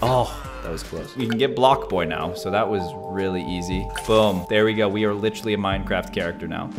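A young man hosting a gaming video, giving excited play-by-play commentary that jumps into shrieks and yells. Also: fairly low pitch, brisk, over music.

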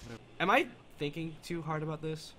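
A man's voice: fairly high pitch, fast talker, fairly bright tone. A young man giving jumpy horror game commentary, swearing a lot and shrieking in panic. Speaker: let's play gamer.

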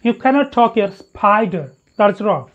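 Teacher, phonetics lesson, very slow and deliberate, drills words, dull lo-fi recording. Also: medium pitch, animated. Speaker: English teacher.

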